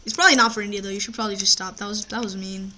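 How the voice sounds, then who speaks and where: A man's voice: sits high, steady tone, rapid-fire, bright, forceful tone, slight background noise. A teenage boy chatting casually while playing a game, teasing his friend and bragging with lots of stumbling restarts. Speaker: Minecraft player. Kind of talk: casual gameplay chat.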